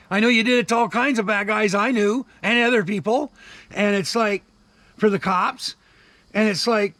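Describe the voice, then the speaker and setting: An older man with a Canadian accent rants about his grievances, swearing freely and retelling every exchange with "I said". His voice sits high, and the recording is dry and close, with no room echo. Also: a bit bright. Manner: profane, repeats "I said" while retelling calls. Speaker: vlogger. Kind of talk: angry ranting monologue. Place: home in the wilderness.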